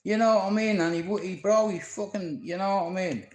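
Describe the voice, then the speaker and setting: A man's voice: high-pitched, brisk, roomy sound, poor audio. Profane Dublin man ranting on a livestream. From Ireland. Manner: profane, confrontational, storytelling. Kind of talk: rambling live-stream monologue.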